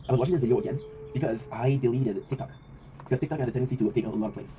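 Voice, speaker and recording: Rapid-talking man, rambling vlog monologue. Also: mid-range voice, mellow. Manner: rambling, reflective, swears freely, often tags "right?". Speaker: vlog host. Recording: noisy ambient background.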